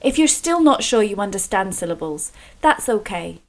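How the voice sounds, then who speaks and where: A woman from Scotland leading a creative writing video workshop for children, explaining slowly and clearly with encouragement. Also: mid-range voice, big pitch swings, darkish tone.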